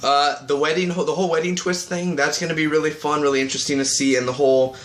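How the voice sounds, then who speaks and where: A man giving a casual, rambling vlog review of a TV episode. He often breaks into quick mocking voices for the characters. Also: fairly high pitch, fairly even intonation, a bit bright. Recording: echoey room with faint ambient noise.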